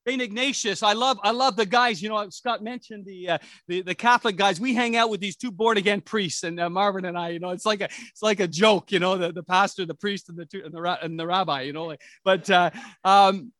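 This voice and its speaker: High, bright-voiced pastor preaching. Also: male voice, fairly even intonation, brisk, no echo. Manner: conversational and rambling, with many restarts and asides. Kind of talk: sermon.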